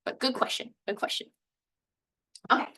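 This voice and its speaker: Bright-voiced woman teaching a language lesson. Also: normal speed, distant mic, rough recording. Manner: explanatory, walks through examples step by step.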